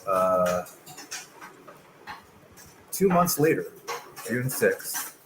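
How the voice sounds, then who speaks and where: Man, low voice, hesitant with lots of ums, video call, faint noise behind. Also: sing-song, drawn-out words. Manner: hesitant, many fillers and restarts. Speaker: guest. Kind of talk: casual political discussion.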